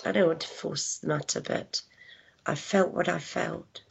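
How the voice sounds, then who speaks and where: A woman working as a psychic medium, giving a live reading with halting speech, lots of fillers, hushed asides and affectionate words like darling. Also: lowish voice, steady tone, creaky, slightly rough. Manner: affectionate, calls people darling and my lovely. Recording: dull lo-fi sound.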